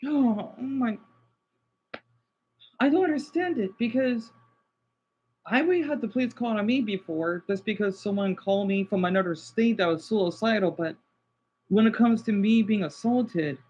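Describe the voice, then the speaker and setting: A man's voice: sits high, breathy edge. A man livestreaming in casual chat, agitated and swearing as he talks to his viewers.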